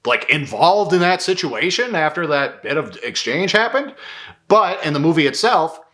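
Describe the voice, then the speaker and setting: A man's voice: mid-range voice, sharp tone. A man, a filmmaker and video host, giving casual film commentary in a rambling, profane style full of fillers.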